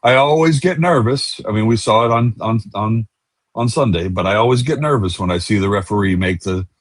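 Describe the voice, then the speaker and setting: A man with a low, husky voice co-hosts a casual football podcast. He talks in a halting way, often restarting and repeating words. The sound is dry and close, with no room echo. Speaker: podcast co-host.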